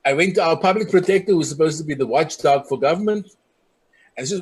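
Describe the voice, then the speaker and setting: A man's voice: quick pace, breathy edge. A community leader speaking earnestly, recounting his people's hardships and acting out the voices of those he quotes. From South Africa. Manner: earnest, acts out the voices of people he quotes, drops soft and low on grave points. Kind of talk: personal storytelling speech.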